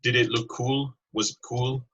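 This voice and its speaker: A man's voice: mid-range voice, level tone, moderate pace, a bit bright, breathy edge, dull audio. A man playing a tabletop game, casual and joking with the table. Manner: joking, often laughs.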